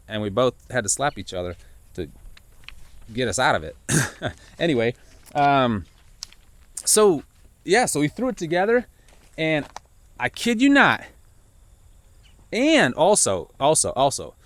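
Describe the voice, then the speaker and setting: A man vlogging about building his own house, talking casually and rambling, his pitch jumping up whenever he quotes himself. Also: measured pace, long pauses. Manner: rambling, animated, jumps pitch when quoting himself. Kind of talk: casual talk to camera. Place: outdoors on a building site.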